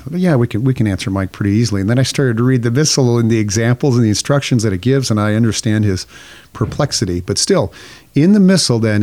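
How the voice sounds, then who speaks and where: A man's voice: on the low side, a little mellow. A man co-hosting a podcast, explaining liturgical chant step by step and singing short examples. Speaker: podcast co-host. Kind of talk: casual explanatory chat.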